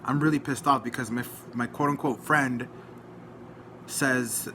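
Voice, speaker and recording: A man's voice: mid-range voice, steady tone, unhurried, sharp tone, slight background noise. A man from Dallas, Texas, vlogging an indignant, agitated rant as he retells a dispute. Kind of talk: heated personal rant to camera.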